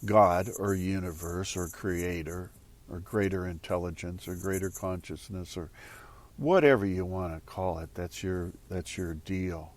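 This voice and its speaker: A man's voice: low-pitched, fairly even intonation, a little slow. A man giving a casual motivational talk to viewers, rambling and repeating phrases as he goes. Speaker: spiritual speaker.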